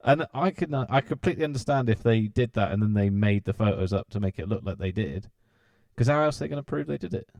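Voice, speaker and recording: A British man co-hosting a casual podcast, his voice sitting a little low. He jokes and teases his friends, recorded close and dry. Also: lively intonation, fast talker, creaky, darkish tone, no room sound, dull audio. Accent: British English. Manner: joking, laughs often, teasing. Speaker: podcast co-host. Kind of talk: casual chat.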